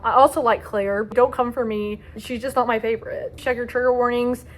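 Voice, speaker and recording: Young woman book vlogger, dramatic and gushing, a touch high-voiced. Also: steady tone, moderate pace. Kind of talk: casual book review vlog.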